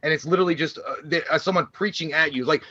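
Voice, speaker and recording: A man's voice: a little high, fast talker, bright, forceful tone, muffled recording. A man co-hosting a live movie stream, chatting casually with profane, crude jokes.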